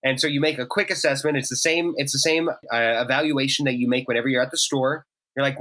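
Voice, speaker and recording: A man's voice: mid-range voice, fairly even intonation, quick pace, bright, forceful tone. A man co-hosting a podcast, riffing in wordy, playful casual chat and acting out little scenes. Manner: wordy, playful, acts out bits. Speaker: podcast co-host.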